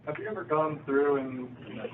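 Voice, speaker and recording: A man's voice: fairly high pitch, a little fast. A man in the audience of a meeting, asking questions while searching for words. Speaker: audience member. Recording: distant, phone-like, loud noise.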